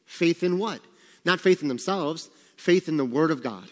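Guy teaching bible study, kinda high voice, asks the room stuff, big echoey hall. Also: normal speed. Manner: conversational, asks the room questions. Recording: long hall reverb.

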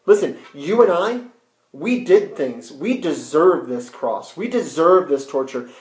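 A man's voice: a little high, sing-song, measured pace, mellow. A man voicing a repentant male criminal who earnestly rebukes another. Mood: urgent. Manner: urgent, pleading, earnest. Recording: roomy echo.

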